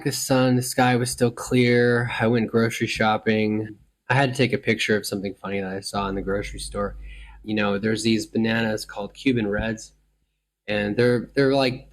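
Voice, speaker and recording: Man, host, reflective travel storytelling, meandering, mid-range voice. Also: medium pitch.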